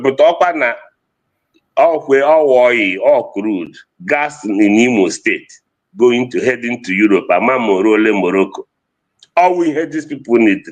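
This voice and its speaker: A man from Nigeria with an Igbo-accented English, giving an impassioned political speech and switching between Igbo and English. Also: mid-range voice. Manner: fervent, mixes Igbo and English, repeats phrases. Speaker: activist speaker.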